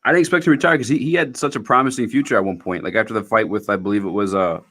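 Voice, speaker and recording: A man's voice: fairly low pitch, rapid-fire, fairly bright tone. A man co-hosting a live MMA preview show, talking loosely, swearing and laughing easily. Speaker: podcast co-host. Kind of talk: casual MMA chat.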